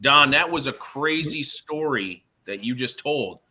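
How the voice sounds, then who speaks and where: Male co-host, bright tense voice, emphatic. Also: mid-range voice, animated, measured pace, slightly rough. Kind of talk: podcast chat.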